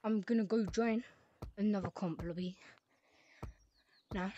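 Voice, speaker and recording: A woman's voice: medium pitch, unhurried, mellow, lo-fi sound, slight background noise. A woman giving casual, reactive commentary while playing a game, often talking to herself. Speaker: gaming creator. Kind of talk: live gameplay commentary.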